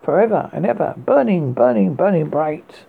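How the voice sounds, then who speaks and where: A man with a British accent voicing a dying old nobleman who speaks slowly, emphatically and menacingly. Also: high voice, expressive, gravelly, husky, heavily acted. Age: older. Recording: tinny phone-like audio.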